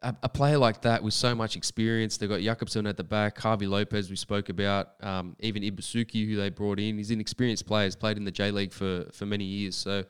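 A man co-hosts sports talk radio as a football pundit, with a very resonant, smooth voice that sits a little low. He gives measured analysis, thinking aloud with "um" fillers and restarts. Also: little pitch movement.

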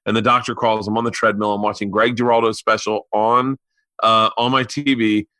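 Slightly quick and fairly low-pitched, a man in his forties hosts a podcast and narrates stories in a casual, animated way, acting out the voices of others. The sound is studio quality with no room sound.

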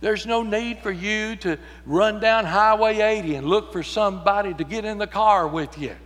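A male preacher drives his point home with rolling repeated phrases, then drops into folksy storytelling. His voice sits high and rings in the long reverb of a church sanctuary. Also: normal speed. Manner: emphatic, repetitive build-ups rising to shouts. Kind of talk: sermon.

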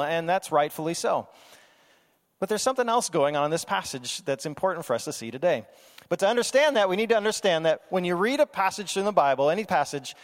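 Male pastor, high-pitched, lively conversational sermon, long hall reverb. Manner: animated, conversational preaching with playful asides.

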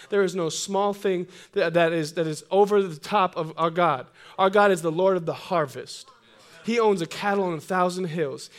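Young man, pastor, lively joking sermon, high-pitched voice, urges congregation to repeat. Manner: humorous, energetic, call-and-response with congregation.

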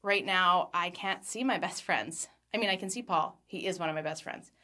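Her lowish voice has a sharp tone as she, a woman in her thirties, gives an earnest Christian devotional with scripture reading. She slows down on key phrases and laughs lightly between thoughts.

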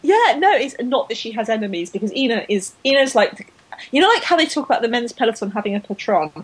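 Chatty husky-voiced woman podcaster. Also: a little high, sing-song, quick pace, poor audio. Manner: chatty, enthusiastic, lots of fillers and restarts. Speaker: podcast co-host. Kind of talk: casual chat about women's cycling.

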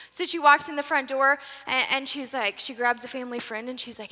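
A woman in her forties telling a sermon story dramatically, swinging from breathless excitement to hushed whispers. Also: fairly high pitch, brisk, hardly any pauses. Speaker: preacher. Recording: long reverb of a large hall.

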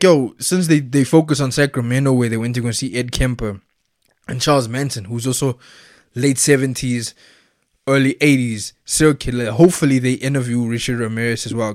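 Excitable slangy man, dry close sound. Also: mid-range voice, no echo. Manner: excitable and slangy, laughs often. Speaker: vlogger. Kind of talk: casual chat.

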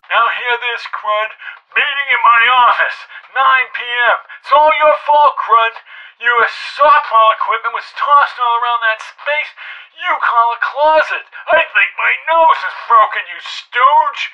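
A man playing a cantankerous colonel barks orders and insults into a voicemail. He is gruff and bossy, loud and sharp. It comes through the muffled, lo-fi sound of an answering machine in a radio drama. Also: high voice, slow pace. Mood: barking. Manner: barking, insulting. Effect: voicemail message. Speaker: hotel security chief. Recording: dull lo-fi voicemail line.

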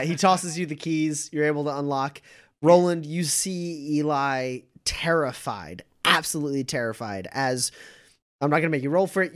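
A man narrates a tabletop role-playing session as game master. His delivery is loose and conversational, with frequent fillers and restarts. The pitch sits in an ordinary middle range. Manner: casual, halting narration with fillers.

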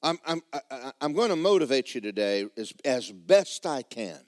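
A man's voice: mid-range voice, sing-song, moderate pace, darkish tone, no echo, studio quality. A man preaching a sermon in a church, folksy and blunt, building to fervent emphasis. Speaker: pastor. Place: church sanctuary.

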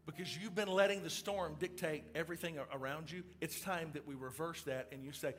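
A middle-aged male pastor delivering a sermon, moving from calm storytelling to loud, excited preaching. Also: on the high side, fairly quick, slight background noise.

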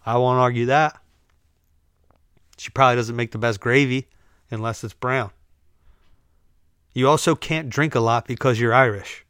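A man's voice: medium pitch, moderate pace, long pauses, a bit bright, no room sound, clean studio sound. A young man hosting a casual solo podcast, ranting sarcastically and laughing at his own jokes. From United States. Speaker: podcast host.

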